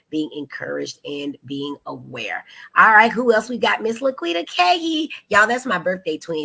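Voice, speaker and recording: Woman host of a live show, low and raspy, upbeat and chatty with viewers. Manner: animated, chatty, greeting viewers. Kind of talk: live-stream talk show. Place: studio.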